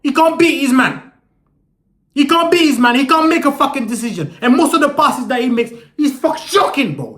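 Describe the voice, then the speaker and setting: Young man, very high voice, lively swings in pitch, furious swearing rant, echoey room. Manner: furious, swearing, repeats words and stutters. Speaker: football fan vlogger. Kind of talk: angry fan rant.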